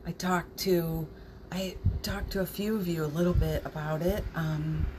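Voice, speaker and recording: A woman's voice: lowish voice, little pitch movement, measured pace, background noise. A woman hosting a spiritual morning livestream, chatting casually, reading out viewer comments, and getting emotional, with laughter and near tears.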